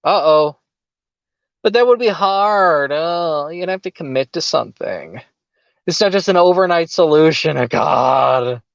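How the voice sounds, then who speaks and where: A man's voice: on the high side, expressive, unhurried, gravelly, no room sound, muffled recording. A man co-hosting a political podcast, talking casually with a sarcastic, mocking edge and frequent laughs. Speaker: podcast co-host.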